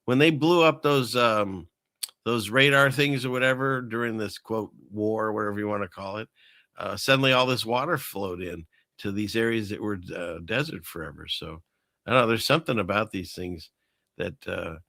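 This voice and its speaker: A man's voice: fairly low pitch, normal speed, pushed and bright, no echo, studio quality. A man hosting his own show, rambling through casual commentary with many fillers and restarts. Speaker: show host.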